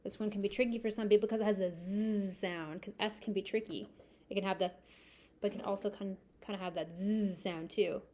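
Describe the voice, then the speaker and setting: A woman's voice: medium pitch, fairly even intonation, warm tone, slight background noise. A woman teacher recording a spelling lesson for young children, spelling words letter by letter and asking them to repeat after her. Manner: slow, clear spelling-out with call-and-repeat prompts.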